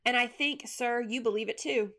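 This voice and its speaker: A woman reading the lines of a defiant widowed plantation matriarch, polite but sharp. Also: on the high side, normal speed.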